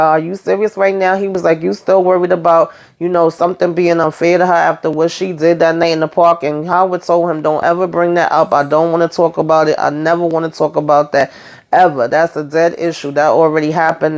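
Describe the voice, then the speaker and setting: Low-voiced woman giving a chatty TV recap. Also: a little mellow. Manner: chatty, slangy, retells scenes acting out the lines. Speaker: TV recap host. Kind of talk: casual episode recap.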